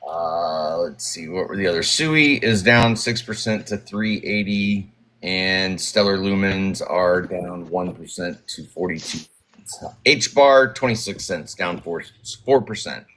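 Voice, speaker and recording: Low-voiced man reading market figures. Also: a bit bright. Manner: brisk, matter-of-fact, dry asides. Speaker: market report regular. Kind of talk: reading market numbers on a live stream.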